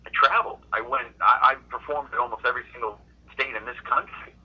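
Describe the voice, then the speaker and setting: Middle-aged guy from boston, comic telling road stories, husky voice, keeps restarting his sentences, dull lo-fi sound. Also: mid-range voice, fairly even intonation, quick pace. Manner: rambling storyteller, frequent restarts. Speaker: guest comedian. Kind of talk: casual interview chat.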